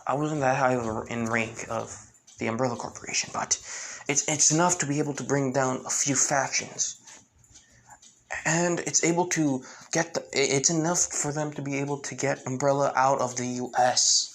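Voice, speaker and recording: A man's voice: mid-range voice, fairly even intonation, moderate pace, fairly bright tone, a little hiss or hum, close to an everyday voice, poor audio. A man voicing an earnest ex-spy woman. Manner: earnest, pleading. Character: earnest former female spy pleading.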